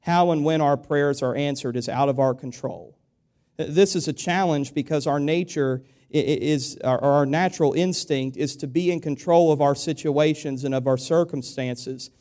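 A pastor with a fairly high-pitched voice preaches at a normal speed, talking conversationally to his congregation and asking rhetorical questions. His volume rises and then falls away into a quiet, confiding tone.

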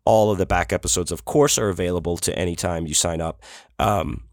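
A man's voice: low-pitched, brisk, no echo, studio quality. A middle-aged man hosting a casual solo podcast from his home office while sick, his voice scratchy, rambling and swearing freely. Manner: rambling, profane, self-deprecating. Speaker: podcast host.

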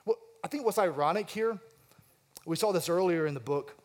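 A man's voice: high-pitched, normal speed, darkish tone. A man preaching an expository sermon, reading verses and acting out the quoted lines, asking his listeners questions. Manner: asks the congregation questions. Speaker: pastor.

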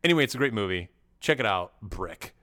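A man's voice: lowish voice, animated, a little fast, a bit bright. A man co-hosting a podcast, chatting casually about movies in a rambling way, full of restarts and crude jokes. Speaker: podcast co-host.

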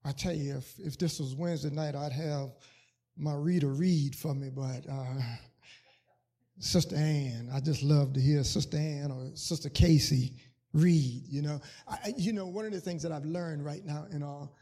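A man's voice: a little high, steady tone, normal speed, mellow, breathy edge. A man preaching a sermon as pastor, repeating words and building to fervent, sung emphasis on scripture.

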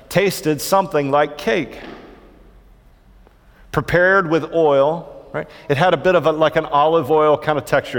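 A man's voice: on the high side, long reverb tail. A man preaching a sermon in a church, conversational and humorous, often checking in with "right?" as he goes. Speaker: pastor. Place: church sanctuary.

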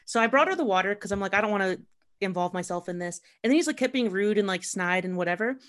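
A woman's voice: mid-range voice, quick pace. Chatty woman podcast host. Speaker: podcast host, former server. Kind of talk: casual podcast chat.

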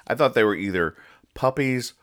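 Expressive and a bit bright, a man's mid-range voice moves at a moderate pace as he hosts a laid-back podcast. He reads comics aloud, rambling and joking, then explains each punchline.

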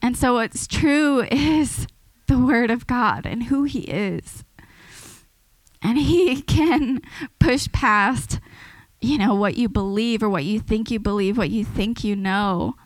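Taking her time in a fairly high voice, a preacher gives her church a sincere, informal sermon. She speaks conversationally and keeps restarting sentences, captured on a rough recording without echo.

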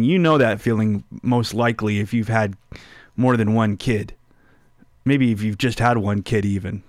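A man preaching a sermon, telling a family story in a chatty way, asking the listeners questions and going soft and slow on key lines. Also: mid-range voice, dry recording, clean studio sound. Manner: conversational, asks listeners rhetorical questions.

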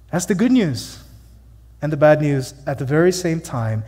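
Pastor guy preaching in church, punchy, lots of questions to the crowd, kinda high voice. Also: big pitch swings, normal speed, dark tone, slightly rough, long reverb tail. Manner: emphatic, conversational, rhetorical questions. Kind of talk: sermon.

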